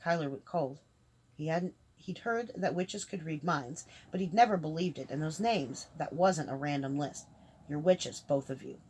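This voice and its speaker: A woman narrating a fantasy novel aloud, reading all the characters in one steady voice. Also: low voice, normal speed, breathy edge. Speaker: audiobook reader. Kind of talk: scripted narration.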